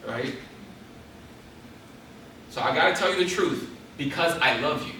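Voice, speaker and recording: A man's voice: on the high side, unhurried, bright, forceful tone, recorded from a distance, a little hiss or hum. A young man giving an intense, preacherly Christian talk to an audience in a large hall, building to emphatic exhortations. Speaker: guest speaker. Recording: very echoey hall, voice off-mic.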